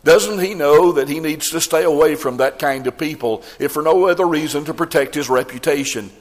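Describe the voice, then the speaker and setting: A man's voice: on the high side, a little fast. A man preaching a sermon with earnest, rising emphasis, often restarting his phrases as he drives a point home. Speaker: pastor. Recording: long hall reverb.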